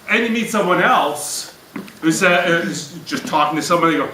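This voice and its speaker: Energetic man giving a motivational talk. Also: fairly high pitch, fast, echoey room, distant mic, slight background noise, poor audio. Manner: energetic, jokey, addresses the crowd with questions. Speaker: speaker at a business event. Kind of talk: motivational talk to a live audience. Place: event room before an audience.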